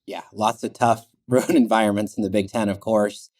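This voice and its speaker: Low-voiced man co-hosting a sports podcast. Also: normal speed, no echo, studio quality. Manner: relaxed, filler-heavy, chuckles now and then. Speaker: podcast co-host. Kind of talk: casual sports chat.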